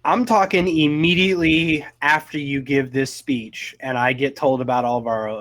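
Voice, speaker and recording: A man chatting as a player in a tabletop game, brisk and matter-of-fact. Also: medium pitch, steady tone, a bit bright. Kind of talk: casual tabletop play chat.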